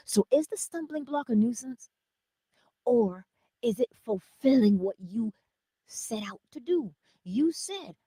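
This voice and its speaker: Woman host, inspirational livestream teacher: husky, very animated pitch, whispered asides, dry close sound. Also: no echo. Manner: animated, drops to whispered asides, chuckles often; speaks straight to the viewers, answers chat comments. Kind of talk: live-streamed inspirational teaching.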